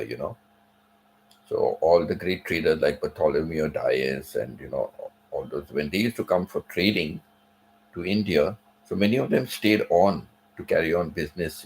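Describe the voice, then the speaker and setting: A man's voice: low-pitched, a little mellow, poor audio. A man hosting a channel, talking casually in a rambling way, with many asides and "you know" fillers. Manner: rambling, digressive, frequent "you know" and "right?". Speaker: channel host. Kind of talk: casual monologue.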